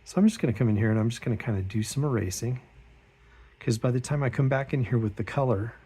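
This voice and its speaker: A middle-aged man hosting an art channel, chatting in a relaxed, rambling, self-deprecating way while he draws, often chuckling and acting out what others said in a higher voice. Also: quick pace, husky. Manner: acts out quoted remarks in a higher voice. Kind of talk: relaxed chat while drawing.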